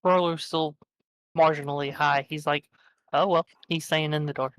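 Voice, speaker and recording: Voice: medium pitch, fairly even intonation, normal speed, slight background noise. Chatty player at a tabletop game. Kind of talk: casual tabletop game chat.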